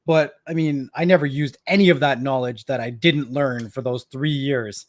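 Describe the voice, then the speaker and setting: Man, thirties, from canada, live stream host, casual chat, laughs a lot, mid pitch. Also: fairly quick. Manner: chatty storyteller, laughs often, repeats words.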